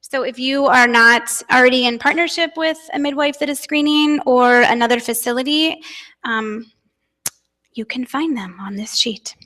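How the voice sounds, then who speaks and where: Earnest American woman speaker, fairly high voice, hall reverb, conference talk. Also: moderate pace, bright, forceful tone. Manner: earnest, personal, emotional at times. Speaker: conference speaker, parent advocate.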